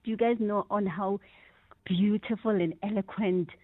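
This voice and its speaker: A woman's voice: medium pitch, fairly even intonation, moderate pace, dry recording. Chatty South African woman on a phone line. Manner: effusive, chatty, mixes in Sesotho phrases. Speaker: caller. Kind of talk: radio call-in tribute. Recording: tinny phone line, dry.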